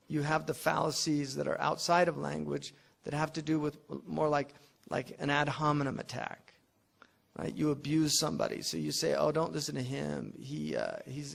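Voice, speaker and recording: Gravelly-voiced man lecturing. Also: fairly high pitch. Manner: conversational and digressive, with frequent restarts and fillers; explains with everyday examples. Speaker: teacher of classical logic. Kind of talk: unscripted classroom lecture.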